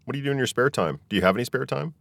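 A man hosting an interview podcast, relaxed and encouraging as he chats with his guest. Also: mid-range voice, racing, gravelly, no echo, clean studio sound. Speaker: podcast host. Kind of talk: casual interview chat.

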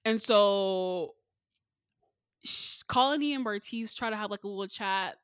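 A young woman talking through a dating show recap in a casual, conversational way. She jumps up in pitch to act out what people said. Her voice sounds close and dry. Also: unhurried, clear, resonant tone, no echo. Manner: animated storytelling, acts out people's lines with pitch jumps. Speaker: podcast host recapping a show.

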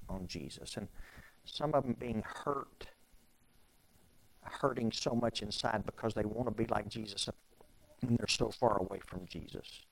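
A pastor preaching a sermon in a conversational way, with repeated phrases and strings of rhetorical questions. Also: male voice, lowish voice, low-quality recording.

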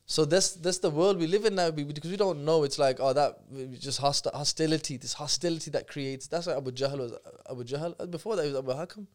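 Fast-talking man. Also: fairly high pitch. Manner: fast, animated storytelling with many restarts. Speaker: guest speaker. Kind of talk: casual podcast conversation.

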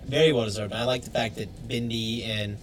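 A man's voice: medium pitch, fairly even intonation, brisk, a loud crowd. A man co-hosting a casual podcast, wry and conversational, often trailing off and restarting. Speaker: podcast co-host.

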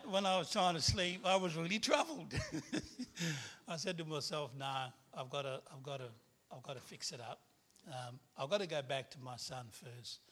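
Middle-aged man, guest preacher, frank testimony style, bright voice. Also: on the high side. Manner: candid storytelling with self-deprecating laughs. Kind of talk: personal testimony sermon.

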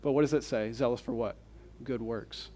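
A man's voice: mid-range voice, fairly even intonation, moderate pace, warm tone, slight background noise. A man preaching a conference sermon, reading scripture and then explaining it with emphatic, repeated rhetorical questions. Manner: emphatic and repetitive.

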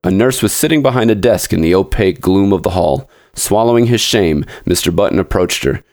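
Low-voiced man narrating a classic tale. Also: lively intonation, brisk, a little mellow, dry recording, clean studio sound. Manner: dramatic, addresses listeners directly. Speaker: podcast storyteller. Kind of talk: scripted narration of a classic story.

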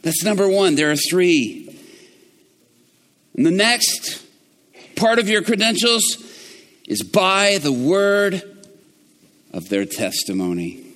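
A middle-aged man preaching a sermon. His voice sits a little high for a man. He tells his story quietly and low, then rises into loud, passionate proclamation. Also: very animated, slow pace, pauses often, long reverb tail.

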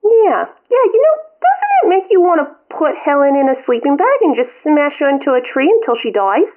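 A woman's voice: high-pitched, big pitch swings, fairly quick, voice pushed up. A woman voicing a guilt-tripping elderly mother calling her son, melodramatic and self-pitying, over a tinny phone line. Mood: bitter.

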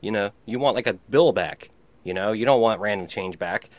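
A man's voice: on the low side, normal speed, no room sound. A man co-hosting a podcast, telling rambling stories in casual chat, filled with "like". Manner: rambling storyteller, heavy on "like". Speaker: podcast co-host.

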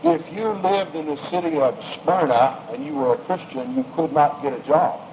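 A man's voice: on the high side, lively intonation, normal speed, a little mellow. A man preaching a sermon with emphatic, rising and falling delivery and repeated phrases. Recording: dull lo-fi recording with faint noise.

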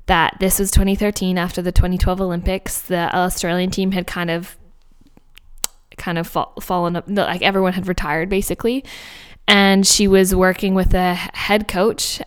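A woman hosting a podcast, telling a personal story in an animated, emphatic way with fillers and laughs, recorded at a home office mic. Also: lowish voice, clear, resonant tone. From Canada. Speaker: podcast host. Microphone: home office microphone.

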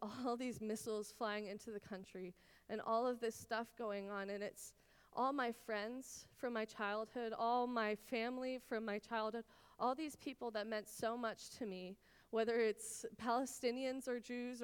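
A woman's voice: on the high side, clean tone, big-room sound. A woman in her twenties from Israel, teaching a Bible study in an earnest, personal way with lots of "like"s. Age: 20s. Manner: earnest and personal, many "like"s, emotional at times.

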